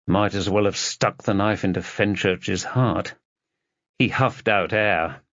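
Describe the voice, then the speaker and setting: A man narrating a mystery novel as an audiobook in an expressive reading. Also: lowish voice, slow, dry recording. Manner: expressive reading, voices the characters. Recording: dull, dry lo-fi recording.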